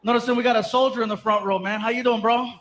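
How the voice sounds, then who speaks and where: A man performing stand-up, telling an animated story and acting out the voices, on stage before a live audience. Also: very high-pitched, racing. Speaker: stand-up comedian. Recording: live stage recording with background noise.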